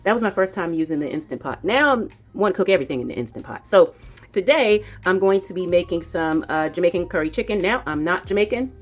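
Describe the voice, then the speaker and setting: A woman's voice: lowish voice, lively intonation, fast, soft background music. A woman with a New York accent hosting a casual cooking demo in her home kitchen, chatty and rambling as she talks straight to her viewers. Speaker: cooking channel host.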